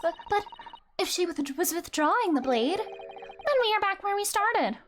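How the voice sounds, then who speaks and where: A woman's voice: very high-pitched, animated, normal speed, noisy background, voice pushed up. A woman voicing a hesitant, flustered young male defense lawyer in a courtroom game. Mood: earnest.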